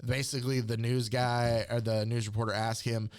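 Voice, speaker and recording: A man's voice: medium pitch, flat delivery, normal speed. A man in casual chat, recapping a comic story and quoting its characters along the way. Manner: retells scenes and quotes characters in passing. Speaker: podcast co-host recapping a comic.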